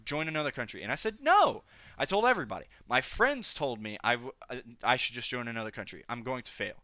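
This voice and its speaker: Bright-voiced rambling young man. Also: mid-range voice, expressive, fast, no room sound, muffled recording. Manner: rambling, chatty, with many fillers and asides. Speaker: storytelling vlogger. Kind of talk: casual storytime narration.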